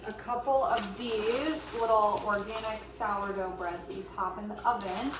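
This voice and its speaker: 30s mom vlogging in a rental kitchen, casual and rambly, kinda echoey. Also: female voice, mid-range voice, steady tone, a little slow. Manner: chatty, loose and rambling with fillers. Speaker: vlogger, mother. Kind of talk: casual chat, showing groceries. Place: vacation rental kitchen, indoors. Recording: echoey kitchen with background noise.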